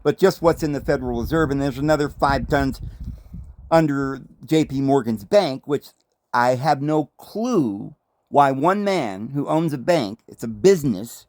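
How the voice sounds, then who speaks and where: A man's voice: medium pitch, expressive, measured pace, darkish tone, no room sound, studio quality. A man from the United States hosting a commentary monologue, speaking emphatically with rhetorical questions and asides. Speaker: host.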